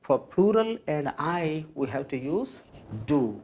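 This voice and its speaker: Slow, repetitive grammar teacher. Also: medium pitch, lively intonation, a little mellow, dull audio. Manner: patient, repeats each phrase and rule several times; explains step by step with frequent fillers. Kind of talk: classroom grammar lesson at a board.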